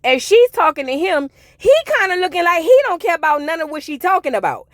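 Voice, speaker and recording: Sassy high-voiced woman recapping TV. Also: very animated, brisk, no echo. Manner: sassy, opinionated, talks straight to viewers. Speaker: reality TV reviewer. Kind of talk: casual recap commentary.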